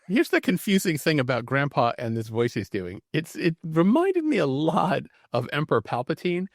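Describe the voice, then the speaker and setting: A man co-hosts a podcast, laughing and chatting casually about a bad horror movie with lively, animated storytelling. His voice is a little high at normal speed, in studio quality with no echo.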